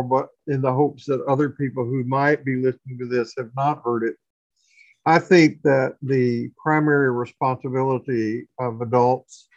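An older man from the United States speaking in an earnest, measured way in a reflective conversation. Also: mid-range voice, a little mellow. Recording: dull lo-fi sound.

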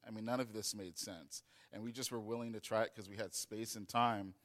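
A man's voice: lowish voice, fairly even intonation, a little fast, few pauses, a bit bright. Rambling man telling a story. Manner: rambling, with many fillers and restarts. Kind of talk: casual storytelling.

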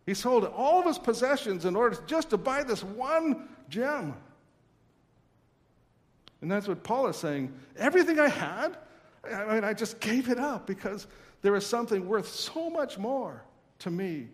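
A man in his thirties preaching a sermon as pastor, earnest and emphatic with pauses, in a large church. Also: sits high, big pitch swings, long reverb tail.

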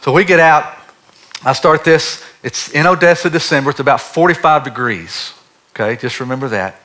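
A man preaching, telling a personal story in a lively, animated way. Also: fairly high pitch, moderate pace. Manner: animated storyteller, drops to a hushed voice for God's words. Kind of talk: sermon storytelling.

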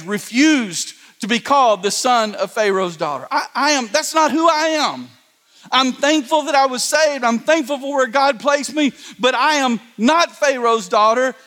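Preaching in a very high, sharp voice, a middle-aged pastor hammers home his sermon by repeating phrases and prompting the congregation to reply. The sound carries the long reverb of a large church hall.

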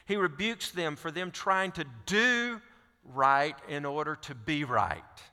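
A man delivers a sermon from the pulpit of a large church. His voice is bright and crisp. It carries a long hall reverb as he reads scripture and presses his questions. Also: fairly high pitch, slow. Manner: reads scripture aloud, then presses questions with rising intensity. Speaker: pastor.

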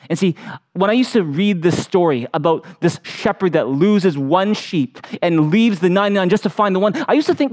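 A man preaching a sermon as pastor, telling personal stories in an animated way and acting out the voices in them. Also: high voice, normal speed.

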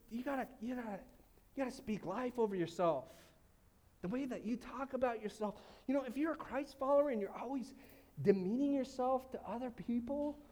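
High-voiced, excitable male preacher. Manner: lively, casual preaching with sudden shouted exclamations. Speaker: pastor. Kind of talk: energetic sermon.

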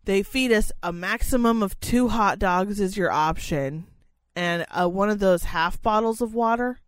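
A woman in casual conversation, recounting a draining day with plenty of swearing and exasperated sarcasm. She slips into high, mocking voices to imitate others. Her voice sounds dry and close. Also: a little slow, dry recording. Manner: profane, exasperated, sarcastic ranting. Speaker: parent chaperone telling a story. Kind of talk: casual storytelling chat.

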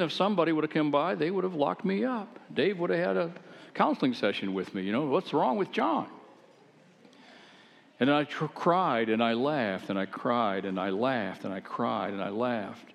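A man preaching, telling his own testimony in a folksy, animated, conversational way with self-deprecating humor. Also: on the high side, vocal fry. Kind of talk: folksy storytelling sermon. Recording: long hall reverb.

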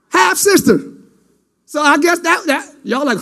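A male preacher giving an animated sermon in casual slang, often breaking into shouts. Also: very high-pitched, a little slow.

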